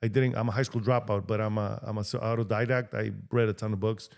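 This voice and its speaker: Mexican-born man telling animated stories. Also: fairly low pitch, fast talker, vocal fry, smooth. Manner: animated, acts out quoted dialogue. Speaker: podcast guest, real estate agent. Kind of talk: storytelling interview talk.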